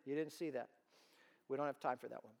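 A man giving a sermon-style talk to parents in a large room, telling stories in an animated way. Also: medium pitch, a little fast, vocal fry, slight background noise. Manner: animated storytelling. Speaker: ministry speaker.

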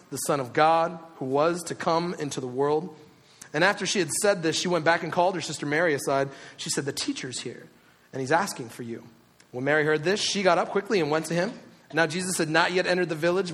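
A man preaching a sermon in a relaxed, conversational way, swinging between loud animated bursts and quiet, hushed moments. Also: on the high side, long reverb tail. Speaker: pastor.

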